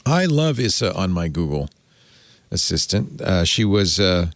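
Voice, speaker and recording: A man's voice: low voice, measured pace, fairly bright tone, dry recording. A man hosting a casual tech podcast panel, running through news items with chuckling asides. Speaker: podcast host.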